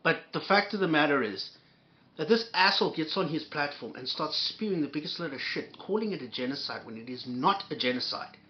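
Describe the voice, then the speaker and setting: A man with a fairly high voice rants in anger, swearing freely and heaping sarcasm and insults on his target. He trips over his words, repeating and restarting as he goes. The recording sounds dull and lo-fi. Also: expressive, a little fast. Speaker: commentator reacting to a clip. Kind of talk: angry profane ranting.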